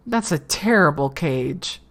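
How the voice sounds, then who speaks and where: A woman's voice: low voice, lively intonation, slow pace. A woman giving casual commentary while playing a game, swearing freely and laughing often. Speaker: let's play gamer.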